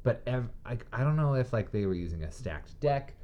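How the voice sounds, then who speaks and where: A man co-hosting a casual chat, telling jokey, animated stories about old game shows. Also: mid-range voice, a little fast, highs cut off, a little hiss or hum. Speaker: podcast co-host.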